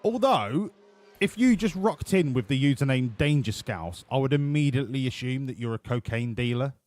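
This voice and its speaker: A man's voice: mid-range voice, expressive, normal speed, a little mellow. A man commentating his game livestream, joking and swearing as he banters with his chat. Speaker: streamer. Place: home room.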